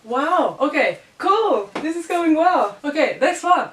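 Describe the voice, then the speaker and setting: A young woman chatting excitedly in a casual book haul vlog, gushing and laughing often. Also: sits high, unhurried. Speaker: book vlogger. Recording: echoey room, mic at a distance.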